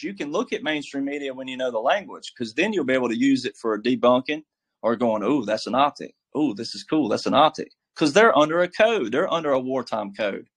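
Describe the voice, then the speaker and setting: A man giving casual political commentary as a guest, emphatic and preachy, with a folksy, filler-heavy way of talking. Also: mid-range voice. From military background.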